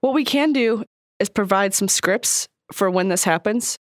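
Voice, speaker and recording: A woman co-hosting a podcast, chatting in an animated, emphatic way and swearing freely. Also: mid-range voice, a little slow, dry recording, studio quality. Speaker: podcast co-host. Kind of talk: casual chat.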